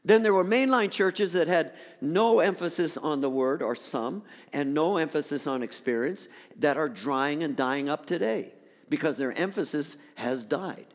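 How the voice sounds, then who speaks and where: A male pastor preaching a sermon in a church, animated with rising emphatic peaks. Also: a little high, normal speed, in a large hall. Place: church sanctuary.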